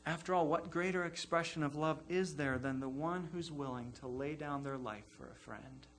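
A man preaching with a high, bright voice that carries clearly. He sounds earnest and emphatic, stacking repeated phrases to drive each point home in a sermon. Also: normal speed, a little hiss or hum. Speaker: pastor.

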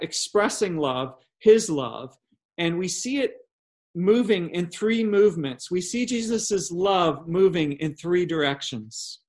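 A man with a notably high voice preaches a sermon as the congregation's pastor. He talks with emphasis and asks rhetorical questions, then lets his voice fall low and quiet on the words he wants to land.

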